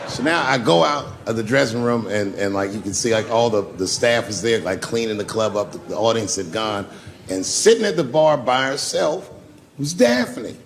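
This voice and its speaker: On a comedy club stage, a male comedian with a lowish, creaky voice spins stand-up stories at a normal speed, swearing freely and animatedly playing characters. There's faint noise and a long reverb from the stage.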